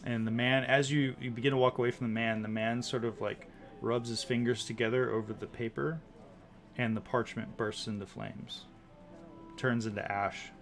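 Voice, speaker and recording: A man's voice: medium pitch, fairly even intonation, moderate pace, soft background music. A man running a tabletop game as dungeon master, narrating scenes in a loose, descriptive way with many likes and ums.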